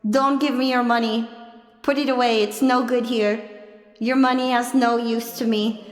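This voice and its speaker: A woman streamer chats casually on a live stream using a boom mic, speaking at normal speed. She is playful and teasing, laughs often, and breaks into sing-song bits and shouty squeals.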